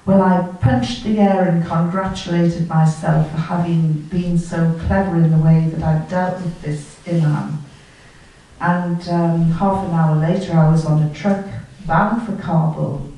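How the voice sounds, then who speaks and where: A woman's voice: fairly low pitch, measured pace. Distant woman in a very echoey hall. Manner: lively storytelling, acting out dialogue. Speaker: guest speaker. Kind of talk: storytelling talk. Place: lecture hall. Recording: far from the mic, very echoey hall.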